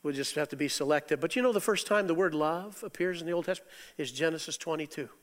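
Middle-aged male preacher, high-voiced, animated, loud bursts and soft asides, long hall reverb. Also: quick pace. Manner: animated, swings from loud exclamations to quiet asides, chuckles. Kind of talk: sermon.

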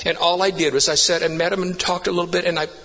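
A man preaching with an earnest, storytelling delivery that climbs into emphatic, repeated lines. His voice sits a touch high, bright and forceful with a husky edge. It carries a long reverb from a large church hall. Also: level tone, racing. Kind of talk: sermon.

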